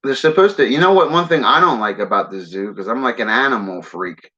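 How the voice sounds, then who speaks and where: A man's voice: medium pitch, lively intonation, fairly quick, bright, forceful tone, slightly rough. A man from the Philadelphia area hosting a casual livestream, rambling and saying "man" a lot while he smokes. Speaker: livestream host. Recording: dull lo-fi stream audio.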